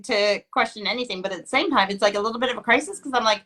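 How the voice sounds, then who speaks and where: A woman's voice: fairly high pitch, animated, rapid-fire, fairly bright tone. A woman from Canada with a Canadian accent, chatting casually and rambling, often breaking off mid-sentence. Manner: rambling, self-interrupting with many likes. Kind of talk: casual chat.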